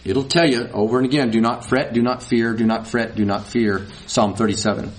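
A man preaching a sermon in a folksy, animated way, rising to high emphatic peaks. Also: brisk. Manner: folksy, says y'all.

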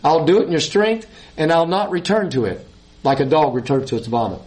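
A man's voice: fairly high pitch, very animated, a little fast, darkish tone. A man preaching a sermon, reading scripture and stressing points with repeated words and short laughs.

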